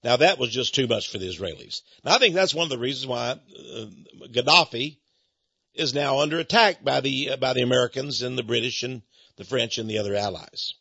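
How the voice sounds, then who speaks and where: A man's voice: medium pitch, a little fast, bright, forceful tone, slightly rough, dry recording, highs cut off. A middle-aged man hosting a rambling talk-radio monologue in a folksy, confiding way, chuckling between points.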